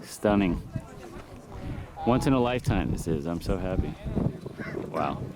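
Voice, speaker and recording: Brief: deep, lively male vlog host, winded, heavy wind noise. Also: measured pace. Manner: enthusiastic, exclaiming at the view. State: out of breath from a steep hike. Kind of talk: excited outdoor travel vlog. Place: outdoors on a windy hillside. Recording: loud wind noise outdoors.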